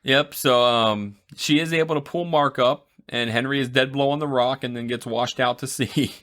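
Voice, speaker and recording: A podcast co-host casually recaps a movie's plot, rambling through it with playful voices, laughs and asides. His voice is mid-range and fairly bright, with fairly even intonation at a moderate pace.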